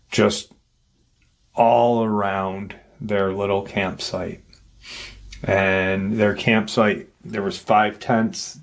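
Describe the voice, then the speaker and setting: A man hosting a paranormal channel, retelling an encounter story in an unhurried, hesitant way, full of fillers and restarts. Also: fairly low pitch, creaky.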